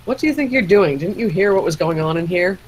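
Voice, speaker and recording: A man's voice: high voice, expressive, quick pace, husky, poor audio. A man playing a scornful dismissive nobleman. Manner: scornful, brushing off.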